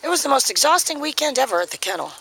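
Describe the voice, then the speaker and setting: A woman training a dog outdoors talks casually behind the camera, her voice tired and a bit worn. Her pitch swings widely, jumping into bright singsong praise whenever she calls the dog. Faint background noise sits under her voice. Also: very animated, rapid-fire, creaky. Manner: switches to high singsong praise when calling the dog. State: losing her voice.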